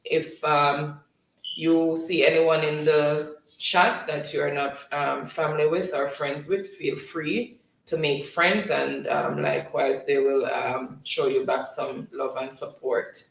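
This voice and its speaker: A man's voice: on the high side, little pitch movement, takes it slowly, gravelly, a bit bright. A man hosting a live-stream spelling quiz in a casual, chatty way, reading viewers' comments aloud and laughing often. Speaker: livestream quiz host. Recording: echoey room, distant mic.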